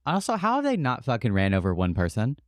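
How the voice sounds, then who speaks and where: A man co-hosting a podcast in casual chat, blunt and profane with excitable reactions. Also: mid-range voice, fast, no echo, clean studio sound. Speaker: podcast co-host.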